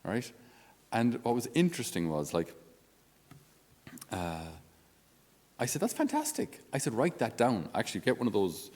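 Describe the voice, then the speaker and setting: A man's voice: fairly low pitch, expressive, normal speed, pauses often, a little mellow, big-room sound. A male Catholic priest giving an informal spiritual talk on his podcast in a conversational, down-to-earth way with self-deprecating humor.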